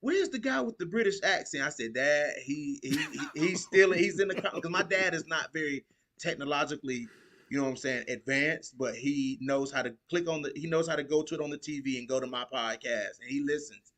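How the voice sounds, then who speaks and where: A man's voice: fairly high pitch, fairly quick, fairly bright tone. A man hosting a casual podcast, talking in a laid-back, slangy way and laughing often. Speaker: podcast host.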